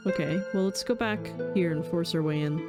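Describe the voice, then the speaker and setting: A woman streaming a horror visual novel, reading its text aloud in a slow, dramatic way and breaking off into startled exclamations. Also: on the low side, over loud music. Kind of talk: reading game text aloud with live reactions.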